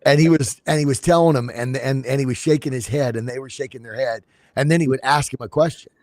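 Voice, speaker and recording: A man's voice: medium pitch, fast, no room sound. A man co-hosting a podcast, chatting casually about sports with frequent restarts and playful impressions. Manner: animated, restarts, breaks into comic impressions. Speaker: podcast co-host.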